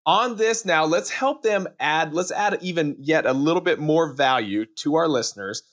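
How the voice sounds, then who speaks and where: A man hosting a podcast interview, energetic and hyping up his guest. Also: a little high, normal speed. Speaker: podcast host.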